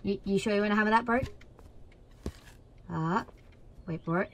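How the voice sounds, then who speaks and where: A woman commentating her own gameplay in an excitable way, cheering, shouting and laughing at the screen. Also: mid-range voice, moderate pace, slight background noise. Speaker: gaming video creator. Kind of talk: let's play commentary.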